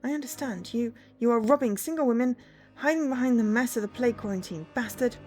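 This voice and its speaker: A woman playing a shrill, indignant noblewoman. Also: lively intonation, fast talker, a little mellow, soft background music, close to an everyday voice. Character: indignant young noblewoman, accusing and defiant. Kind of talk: reading a visual novel aloud on stream.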